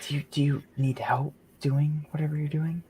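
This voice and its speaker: A woman's voice: deep voice, flat delivery, moderate pace, warm tone, slight background noise. A woman playing a tabletop game, asking eager, pushy questions. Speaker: player.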